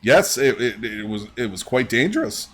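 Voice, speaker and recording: A man's voice: medium pitch, very animated, moderate pace, husky. A man voicing a startled, overworked young woman who works as a secretary, talking in a flustered way. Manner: flustered, fidgety.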